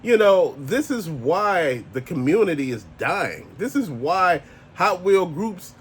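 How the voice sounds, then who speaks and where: A man vents to the camera in a blunt, profane and exasperated rant. His voice sits high and swings widely up and down. A faint hiss of background noise runs under him. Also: sing-song, takes it slowly. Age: adult, married. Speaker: toy collector vlogger. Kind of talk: casual ranting monologue.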